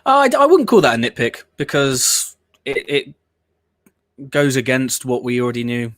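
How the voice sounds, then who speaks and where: A man's voice: medium pitch, lively intonation, measured pace, fairly bright tone, no echo. A man hosting a watch-along show, chatting casually and rambling with blunt opinions and the odd swear word. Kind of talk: casual reaction commentary.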